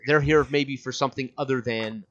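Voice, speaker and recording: A man running a tabletop role-playing game as game master, narrating and checking rules with many pauses and fillers. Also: medium pitch, fairly even intonation. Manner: halting, thinks aloud with many fillers. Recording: dull lo-fi sound.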